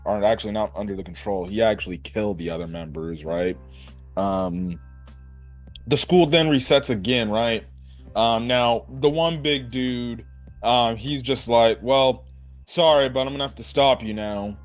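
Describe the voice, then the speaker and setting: A man's voice: mid-range voice, measured pace, faint music behind. Rambling man recapping an anime episode. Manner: rambling, loose and profane, full of "um" and "right?". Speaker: anime reviewer.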